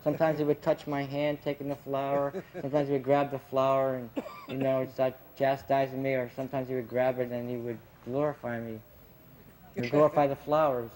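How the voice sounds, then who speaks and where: A man's voice: medium pitch, flat delivery, a little fast, a little mellow, a little hiss or hum, low-quality recording. A man casually recounting stories from his years as a gardener, chatty and laughing often, with plenty of fillers. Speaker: devotee recalling his time as a gardener. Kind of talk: casual anecdotal storytelling.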